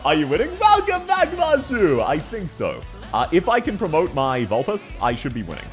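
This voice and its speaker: Animated Australian man chatting on stream. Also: medium pitch, a little fast, faint music behind. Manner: rambling, self-mocking, laughs often. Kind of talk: casual live-stream chat with viewers.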